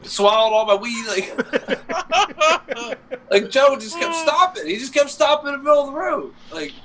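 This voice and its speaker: Young man, co-host, laughing animated storyteller, high voice. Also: moderate pace, crowd noise. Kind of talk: casual chat.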